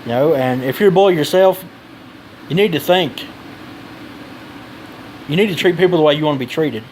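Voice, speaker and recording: A man's voice: fairly high pitch, moderate pace, darkish tone, slight background noise, rough recording. A man giving blunt advice in a casual vlog, rambling and swearing freely.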